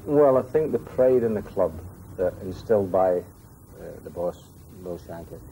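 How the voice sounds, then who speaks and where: Low, very warm-toned man reflecting on his old club, light hiss. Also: animated, moderate pace, rough recording. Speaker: former footballer guest. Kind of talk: interview answer.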